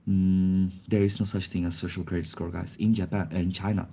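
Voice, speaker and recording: A man's voice: low voice, level tone, a little fast, vocal fry, mellow, slightly rough. A young man with a slight cold, chatting casually on a livestream in non-native English with grammar slips, reacting to chat comments. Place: indoors, face not shown.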